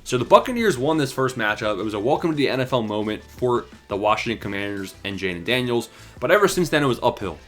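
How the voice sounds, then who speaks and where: A man's voice: medium pitch, very animated, fast, few pauses, fairly bright tone, faint music behind. A young man casually calling his football picks to viewers in slangy, hyped talk, out of breath. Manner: hyped, slangy, talks to viewers as "boys" and "bro". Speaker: sports predictions host. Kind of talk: casual sports betting talk.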